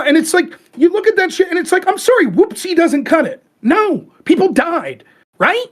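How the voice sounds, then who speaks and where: Here a male podcast host gets fired up about politics, profane and argumentative in a casual chat. His pitch roams widely and climbs sharply as he pushes back, while his pace stays moderate and his manner animated.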